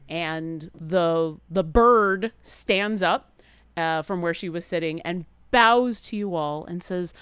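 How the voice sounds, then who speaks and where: A woman narrating a tabletop game as game master in a relaxed, storytelling way. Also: on the low side, slow, smooth, dry recording.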